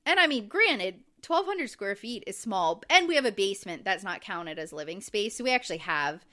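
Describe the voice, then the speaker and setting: Chatting casually as a podcast co-host, a woman recaps a reality show in a medium-pitched, pushed, bright voice with lively intonation and moderate pace. Fillers pile up in her talk, especially "like," along with "um."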